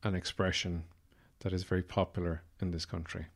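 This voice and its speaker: A man's voice: low-pitched, level tone, a little fast. An Irish man hosting a podcast, rambling through a wry comic monologue with lots of fillers. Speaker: podcast host. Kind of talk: casual comedic monologue.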